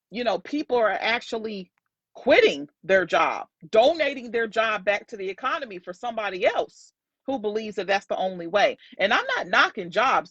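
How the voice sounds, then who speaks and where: A woman's voice: medium pitch, fairly bright tone, no room sound, lo-fi sound. A woman host and sales coach giving an emphatic, preachy motivational faith talk that repeats lines for effect.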